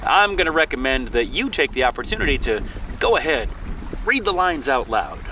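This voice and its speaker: A man's voice: medium pitch, sing-song, normal speed. A man introducing a lesson in a casual, conversational way, recorded outdoors on a beach. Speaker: presenter. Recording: windy beach, distant mic.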